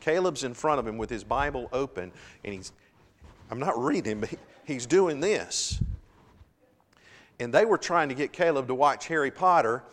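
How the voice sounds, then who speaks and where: A middle-aged man preaching a sermon as pastor, earnest, building to emphatic swells and then easing into quiet pauses. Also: mid-range voice, expressive. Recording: long hall reverb.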